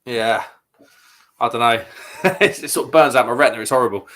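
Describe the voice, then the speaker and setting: A man's voice: medium pitch, fairly quick, a bit bright. A man co-hosting a casual livestream, talking eagerly and with strong opinions about beer. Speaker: livestream co-host. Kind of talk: casual chat over a beer.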